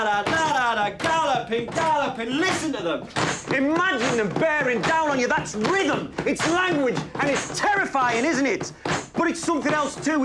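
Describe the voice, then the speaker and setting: An actor playing a stressed, harassed male schoolteacher in a television drama, theatrical in class and flat and weary at home. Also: very high voice, heavy background noise. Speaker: teacher.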